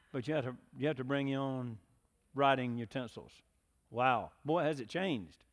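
In a church sanctuary with long hall reverb, a pastor delivers his sermon conversationally and keeps putting questions to the congregation. He has a mid-range voice at a normal speed.

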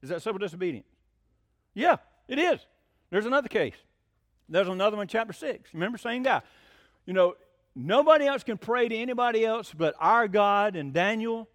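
Male preacher, high-pitched, folksy and excitable, close dry recording. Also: moderate pace, dry recording. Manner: excitable, rising to near-shouting, rhetorical questions; folksy, plain-spoken. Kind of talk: sermon.

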